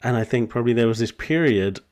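A man hosting a podcast, talking reflectively and haltingly, with soft laughs between his thoughts. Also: mid-range voice. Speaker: podcast host. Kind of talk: conversational interview.

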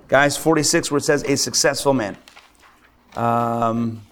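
A man teaching a live class as a rabbi, animated, acting out the voices of people he describes. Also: mid-range voice, unhurried. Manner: animated, acts out excited and grumbling voices. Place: lecture room with a live audience.

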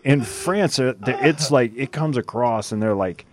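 A man's voice: medium pitch, moderate pace, crowd noise. A man hosting a casual chat, telling stories and laughing often. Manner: laughing storyteller, chatty. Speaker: podcast host.

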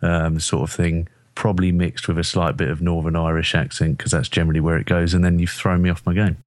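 Very deep-voiced rambling man. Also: little pitch movement, quick pace, no echo. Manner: rambling, self-deprecating, many restarts. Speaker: podcast guest. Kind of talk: casual chat. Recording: dry close audio.

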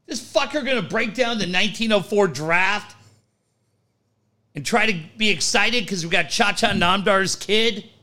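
A man's voice: sits high, measured pace. A man co-hosting a podcast, joking and swearing freely in casual banter. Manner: profane, animated, laughing easily. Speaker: podcast co-host.

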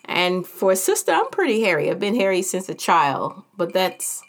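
Frank, chatty woman with a lowish voice. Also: sing-song, normal speed. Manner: frank, candid and humorous; chatty, with many fillers. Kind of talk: casual personal storytelling.

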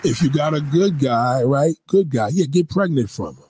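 A man's voice: a little high, lively intonation, moderate pace, over loud music, over a noisy crowd. A man in a blunt, crude rant full of swearing, speaking in a preachy tone. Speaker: commentator. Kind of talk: profane rant.

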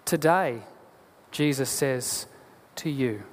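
A man preaching a sermon as a pastor, earnest and deliberate, asking rhetorical questions. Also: a little high, animated, a little mellow. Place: church. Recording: long church hall reverb.

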